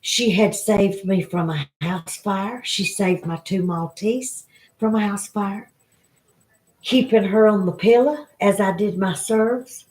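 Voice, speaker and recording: A female vlogger with a Southern US accent chats casually with her live-stream viewers, rambling and emotional. Her voice sits at a medium pitch with a somewhat dark tone, and the audio quality is poor.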